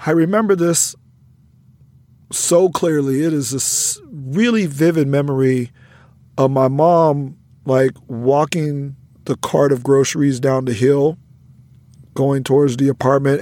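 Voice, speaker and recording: A man's voice: medium pitch, dark tone, no echo. A middle-aged man hosting a podcast, telling a personal story in an earnest, reflective way that turns emotional. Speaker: podcast host, educator.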